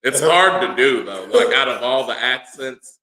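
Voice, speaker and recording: Bright-voiced man in casual podcast banter. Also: medium pitch, animated, unhurried, reverberant, poor audio. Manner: playful, slips into put-on accents. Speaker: podcast co-host. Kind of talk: casual chat.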